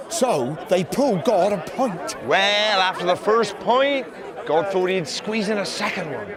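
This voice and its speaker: A man's voice: high-pitched, lively intonation, a little slow, fairly bright tone, some chatter behind. A man narrating a playful folk tale. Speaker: storyteller. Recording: narration over music.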